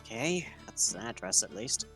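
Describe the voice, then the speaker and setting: A man's voice: fairly low pitch, very animated, moderate pace, music in the background. Dry, matter-of-fact man playing a game. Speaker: player. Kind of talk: casual play talk.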